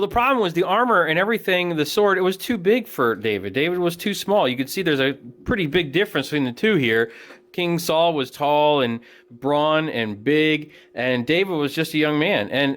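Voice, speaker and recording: A children's ministry teacher telling a Bible story to children in a casual, plain-spoken and animated way. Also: male voice, a little high.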